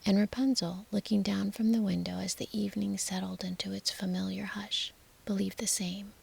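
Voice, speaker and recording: Female storyteller, whispered sleep-story narration; hushed, soothing, heavy fry and breath in the voice. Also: mid-range voice, flat delivery, moderate pace.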